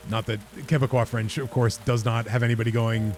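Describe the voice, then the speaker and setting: A man's voice: mid-range voice, little pitch movement, brisk, hardly any pauses, darkish tone, soft background music. A man giving casual, rambling let's-play commentary, often laughing at himself. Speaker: game streamer.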